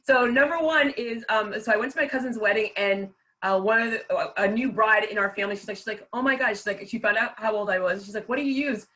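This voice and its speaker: A woman's voice: mid-range voice, fast talker, few pauses, a bit bright, rough recording. A woman hosting an interview over a video call, bubbly and chatty, laughing easily. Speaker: podcast host.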